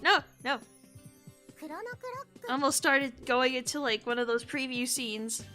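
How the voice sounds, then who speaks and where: A high-pitched woman streams a game live, chatting with viewers and breaking into giggles. Her tone is bright and light, with soft music faintly underneath. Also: slow. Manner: giggly, chatty, reacting to chat.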